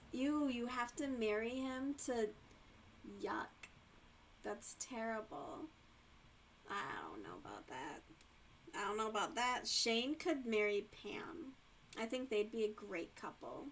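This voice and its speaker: A woman's voice: fairly high pitch, a little hiss or hum. A woman hosting a livestream and chatting casually while she crochets, laughing often and swearing freely. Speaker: livestream host.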